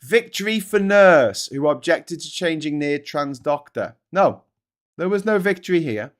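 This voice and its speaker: A man's voice: a little high, lively intonation, unhurried. A middle-aged man hosting a casual morning show, reviewing headlines in a sweary, sarcastic and openly vexed way. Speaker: host. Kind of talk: casual commentary on newspaper headlines.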